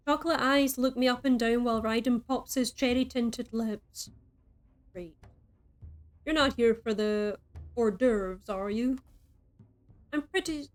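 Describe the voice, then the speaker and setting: A woman reading a story game aloud as a streamer, breaking in with playful, chatty asides. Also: a little high.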